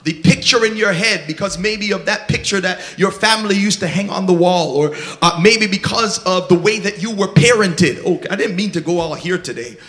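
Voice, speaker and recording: A man's voice: high-pitched, moderate pace, hardly any pauses, a bit bright. A man preaching a sermon in a church, fervent and call-and-response, often breaking into song.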